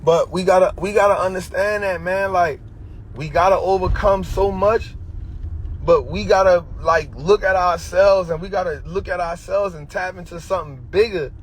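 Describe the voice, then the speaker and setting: A man's voice: high voice, normal speed, a little hiss or hum. A man with an Atlanta Black American English accent, giving a preachy finance talk on a livestream in street slang, repeating his points. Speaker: finance educator.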